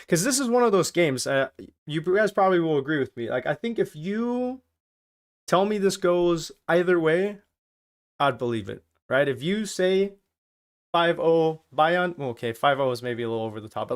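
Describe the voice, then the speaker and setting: A man from Germany hosts a casual live stream, reading out chat messages and ribbing the viewers as he goes. His voice sits a touch high for a man and comes through smooth and clear. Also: big pitch swings, normal speed. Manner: jokey, reads out and teases chat.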